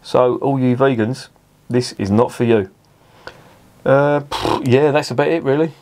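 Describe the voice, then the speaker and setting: A man's voice: medium pitch, measured pace, darkish tone. A middle-aged man, reviewing a beer in a casual, rambling and sweary way at home.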